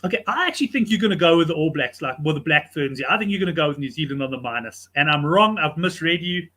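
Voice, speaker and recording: A man hosting a sports betting show, chatting casually and telling stories in an animated way. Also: on the high side, quick pace. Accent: South African English.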